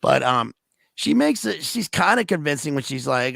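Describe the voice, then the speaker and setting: A laid-back man guesting on a film podcast, his voice gravelly with a lot of vocal fry. He talks slangy and loose, checking in with a quick question tag. Close and dry on the mic. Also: a little high, very animated, fairly bright tone, no room sound. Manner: laid-back, slangy, says "dude" and "right?". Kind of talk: casual film-discussion chat.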